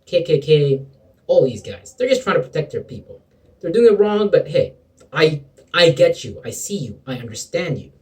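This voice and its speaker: A man's voice: a little high, sing-song, normal speed, darkish tone, distant mic, poor audio. A man giving an impassioned spiritual pep talk to camera, preachy and sometimes sarcastic, calling the listener bro and man. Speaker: motivational video preacher.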